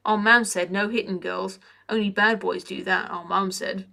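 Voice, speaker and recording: A huge, slow-witted thug, as a woman reader puts him on who plods through his words like a sulky child. The voice stays bright in a storybook reading. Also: medium pitch, fairly even intonation, creaky. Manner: plodding and childlike.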